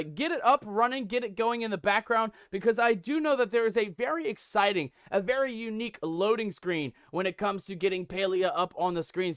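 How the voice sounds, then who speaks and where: A man live-streams games while playing a playful pirate captain, hyping up his viewers with plenty of repetition. His high-pitched voice is clear, resonant, and a bit bright, in a dry recording.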